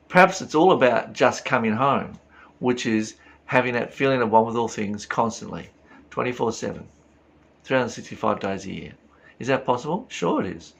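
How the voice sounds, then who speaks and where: Man giving gravelly spiritual talk. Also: mid-range voice, fairly bright tone. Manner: earnest, rhetorical questions, tells anecdotes. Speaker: spiritual teacher.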